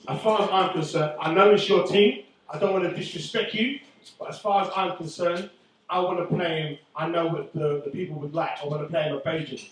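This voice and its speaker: Middle-aged comic, brash swearing banter, reverberant room with faint noise behind. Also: male voice, a little high, fast, recorded from a distance. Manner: loud, swearing, teasing banter. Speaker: stand-up comedian. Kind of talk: stand-up comedy with audience banter. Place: indoor comedy venue.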